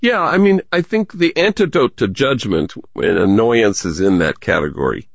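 A man's voice: on the low side, normal speed, no echo, dull audio. An older man, a priest, telling stories in a reflective radio interview. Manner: animated storyteller, gravelly voice.

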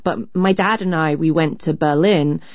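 A woman from the UK, a cultural critic on a radio discussion, talking in an animated, chatty way. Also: low voice, moderate pace, no room sound. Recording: dry, dull sound.

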